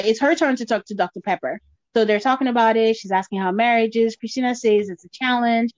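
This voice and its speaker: Woman, fairly high voice, animated podcast host who acts out quotes, dull dry lo-fi sound. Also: dry recording. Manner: animated storytelling, acting out quotes with a laugh. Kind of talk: casual chat recapping a reality show.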